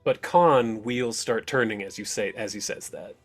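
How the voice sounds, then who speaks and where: A man's voice: lowish voice, normal speed, soft background music. A man as game master of an online tabletop game, chatty and upbeat, often laughing.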